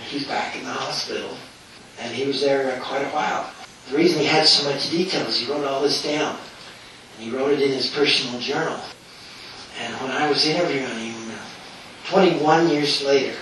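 A man speaks to an audience in a meeting room, telling a story in a chatty, rambling way, with chuckles and plenty of fillers. His voice is bright and forward. It carries from well back from the microphone into a very echoey room, with faint room ambience underneath. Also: mid-range voice, distant mic, slight background noise. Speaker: author giving a talk. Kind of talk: anecdotal talk to an audience.

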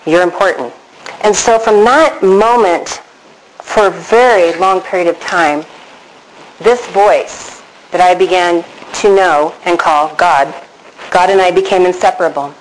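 A middle-aged woman telling a personal story to a live audience, animated and asking the audience questions. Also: fairly low pitch, slight background noise, rough recording. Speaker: speaker addressing an audience.

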